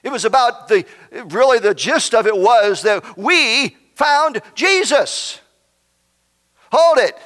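A male pastor with a high voice delivers a slow, deliberate sermon. He preaches with swings from ringing emphasis to quiet, hushed asides. The sound carries a long reverb, as if recorded in a large church sanctuary. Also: lively intonation. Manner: preachy, rising to emphatic shouts then dropping to near whispers.

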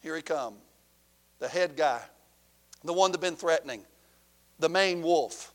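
A middle-aged man preaching a sermon, telling a story with passion, rising loud and then dropping low. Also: a little slow. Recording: long hall reverb.

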